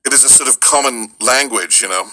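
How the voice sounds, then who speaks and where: Man, bright forceful voice, animated rambling talker, video-call audio. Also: medium pitch, brisk, a little hiss or hum, poor audio. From North Yorkshire, England. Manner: animated, rambling storyteller slipping into accent impressions. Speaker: voice actor guest. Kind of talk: casual video-call chat.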